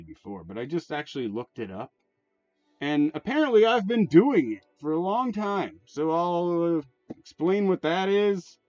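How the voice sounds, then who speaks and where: A man's voice: a little high, a little mellow, dry recording. A man hosting his channel, rambling and swearing in casual commentary, restarting often and leaning on fillers. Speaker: channel host. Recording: dull lo-fi sound, dry, faint music.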